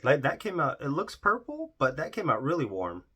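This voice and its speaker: A man's voice: a little high, wildly swooping pitch, normal speed, pushed and bright, husky. A man casually swatching eyeshadows in a vlog, gushing over the colors, exclaiming often and trailing off mid-sentence. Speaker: beauty vlogger.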